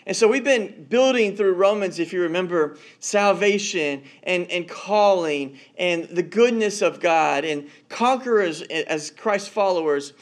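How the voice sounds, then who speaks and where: A pastor with a notably high-pitched voice delivers a relaxed, talky sermon. He tells personal stories and doubles back on his words as he thinks aloud. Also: a little slow, hardly any pauses. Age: adult, married father. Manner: storytelling, repeats words as he goes. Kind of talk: conversational sermon.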